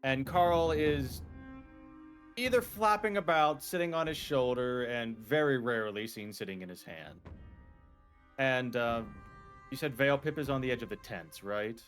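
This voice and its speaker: A man playing a tabletop game, casually narrating his character with halting speech. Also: mid-range voice, animated, a bit bright, soft background music. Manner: halting, with many fillers.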